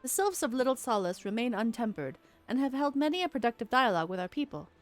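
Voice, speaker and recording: A woman's voice: a little high, sing-song, quick pace, soft background music, pitched above the performer's own voice. A woman voicing a stern military commander in a game, reading formal, old-fashioned lines. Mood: grave.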